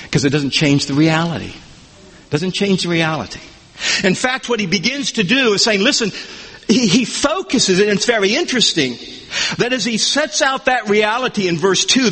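Middle-aged male pastor, emphatic sermon delivery, high ringing voice, long hall echo. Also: sharp tone. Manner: emphatic preaching with repeated phrases.

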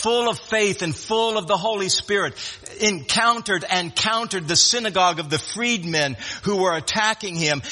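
A man with a high, bright voice preaches a sermon emphatically, repeating words and restarting phrases. His voice rings out with a long reverb, as in a church sanctuary.

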